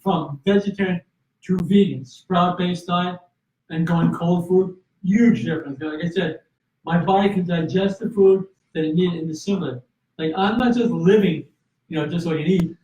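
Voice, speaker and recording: A man telling his story in an interview, earnest and full of restarts, with a slightly high voice. He sounds roomy and a little far from the microphone, and the sound is a touch dull. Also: moderate pace, a little mellow. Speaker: guest.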